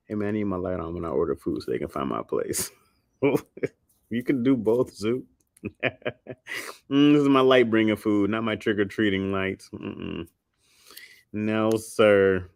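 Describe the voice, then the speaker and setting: Low-voiced man, slangy stream chat. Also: a little slow, gravelly, pauses often, no room sound, studio quality. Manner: rambling and slangy, laughs a lot. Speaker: livestream host. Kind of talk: casual chat with viewers.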